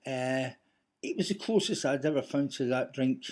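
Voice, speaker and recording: A man's voice: medium pitch, expressive, moderate pace, a little mellow. A Scottish man talking casually to camera in a rambling, anecdotal way. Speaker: vlogger.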